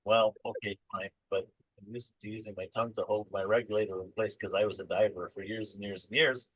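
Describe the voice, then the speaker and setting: A man patient wryly telling a self-deprecating story in a casual group chat, with a husky voice. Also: fairly low pitch, fairly even intonation, fast talker, a bit bright, dry recording, low-quality recording. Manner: wry, self-deprecating anecdote.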